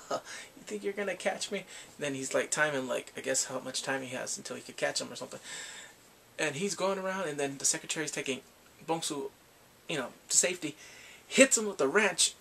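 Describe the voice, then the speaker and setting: A man recapping episodes of a TV drama in a casual vlog, animated and quick to act out scenes with squeals and laughs. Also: on the high side, creaky, a little hiss or hum. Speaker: drama reviewer.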